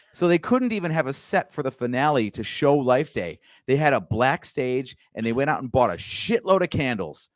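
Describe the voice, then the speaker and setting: A man's voice: medium pitch, no room sound, clean studio sound. A man co-hosting a podcast, telling the story casually and full of fillers. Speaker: podcast co-host.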